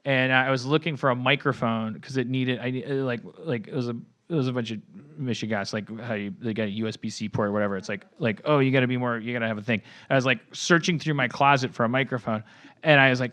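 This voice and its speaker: Bright, rambling man telling a story. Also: mid-range voice, quick pace. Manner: rambling, profane, self-mocking, many restarts. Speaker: podcast host.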